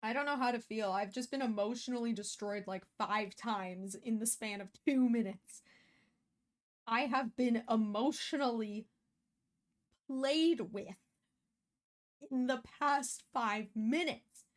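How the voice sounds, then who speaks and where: A woman's voice: a little high, slow. A woman hosting a reaction video, talking casually and emotionally, with many fillers and restarts.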